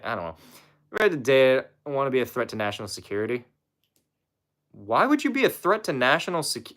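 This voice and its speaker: A man's voice: mid-range voice, fairly bright tone. A young man streaming, casually chatting with viewers, reading their messages aloud and swearing freely as he laughs at his own slip-ups.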